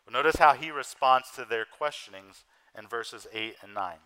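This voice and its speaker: A man in his thirties preaching an earnest sermon with a bright, forceful tone. His voice is clear and smooth, and it swells and drops in loudness and speed as he drives his points home. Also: mid-range voice, normal speed, rough recording. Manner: earnest preaching with wide swings in loudness and pace. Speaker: pastor.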